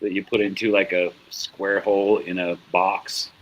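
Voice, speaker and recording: A man's voice: low voice, flat delivery, normal speed, a bit bright, a little hiss or hum, poor audio. A middle-aged man hosting a casual chat, rambling and profane as he tells a story, often laughing at himself. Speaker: show host.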